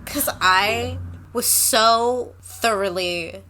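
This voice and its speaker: A woman's voice: fairly high pitch, drawn-out words, sharp tone, slight background noise. A woman co-hosting a podcast, chatting casually about a movie, swearing, laughing and getting worked up. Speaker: podcast co-host.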